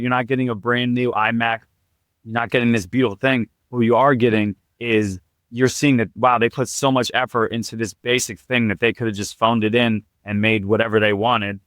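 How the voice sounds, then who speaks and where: A man's voice: on the low side, a bit bright, dry recording, studio quality. A man guest on a podcast, eagerly explaining his couples' dating program with everyday examples. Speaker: guest, couples' date coach. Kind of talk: explaining in an interview.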